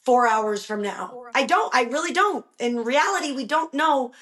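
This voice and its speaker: High-voiced young woman, open and emotional. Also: animated, normal speed, a bit bright. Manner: open, emotional, laughs between thoughts. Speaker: guest. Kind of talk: emotional interview conversation.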